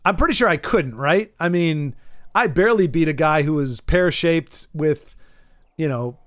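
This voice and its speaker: A man's voice: fairly high pitch, animated, a little slow, a bit bright, no echo, studio quality. A man from Michigan streaming a game, chatting casually with viewers and stumbling over and repeating his words as he rambles. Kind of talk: casual gameplay chat, reading viewer messages.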